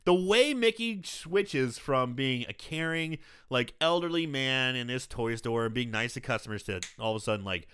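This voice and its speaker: A man's voice: mid-range voice, moderate pace, few pauses, clear, resonant tone. A man co-hosting a casual podcast, recapping a film with lots of swearing and acted-out lines. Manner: animated, swears often, acts out quoted lines in bursts. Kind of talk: casual chat.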